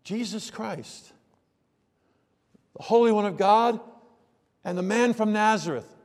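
A man's voice: sits high, moderate pace, darkish tone, in a large hall. A man preaching a sermon in a conversational way, asking many rhetorical questions and building to emphatic bursts. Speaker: pastor.

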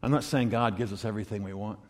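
A man's voice: fairly low pitch, fairly even intonation, fast talker. An older man preaching a sermon, telling stories with humor and laughter. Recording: long hall reverb.

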